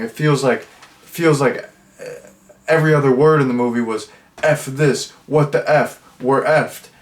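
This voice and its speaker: Young male reviewer, mid-range voice, loose and rambling, full of filler words. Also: medium pitch. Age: 20s. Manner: rambling, heavy with fillers and restarts. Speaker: movie reviewer. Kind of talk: casual spoken review.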